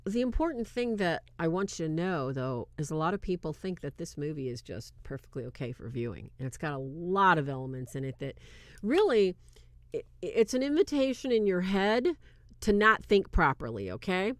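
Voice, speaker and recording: A woman hosts a faith-based film review in an animated, casual way, speaking straight to her viewers. Her voice sits low but swings widely in pitch, from loud bursts to hushed asides. The sound is dry and close. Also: moderate pace, no echo. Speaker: host reviewing a film on demonology.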